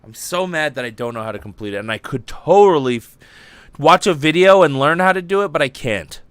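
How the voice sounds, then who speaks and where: A man's voice: on the high side, expressive, brisk, fairly bright tone, clear, resonant tone, no room sound. A young man hosting a casual livestream podcast, rambling and giddy, lightheaded from fumes, swearing freely. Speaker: podcast host.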